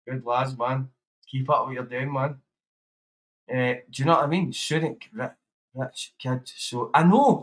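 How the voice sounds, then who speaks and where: A man's voice: mid-range voice, fairly bright tone. A man ranting profanely to his livestream chat. He is agitated and keeps repeating himself. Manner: keeps asking "know what I mean".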